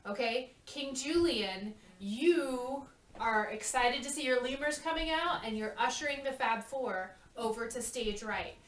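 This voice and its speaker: A woman's slightly high voice comes a little slowly over faint hiss or hum as she teaches a youth cast a dance routine. Chatty, she keeps asking "okay?", and the room echoes with the mic placed at a distance.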